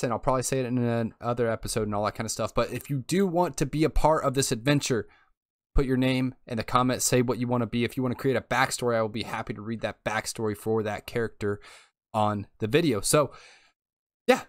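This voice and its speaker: A man's voice: medium pitch, fast, dry recording, studio quality. A young man giving casual, chatty gameplay commentary and thinking aloud as he plays. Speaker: let's play host.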